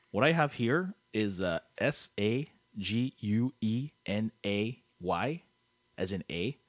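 A man's voice: fairly low pitch, lively intonation, takes it slowly, no room sound. A man co-hosting a podcast, joking and teasing as he runs a quiz game. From Canada. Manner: joking, playful, teasing with silly voices. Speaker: podcast co-host. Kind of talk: casual chat, quiz game.

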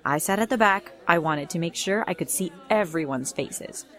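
A woman's voice: on the low side, lively intonation, moderate pace, a bit bright, a faint crowd. A woman narrating a first-person story in a plain storytelling read.

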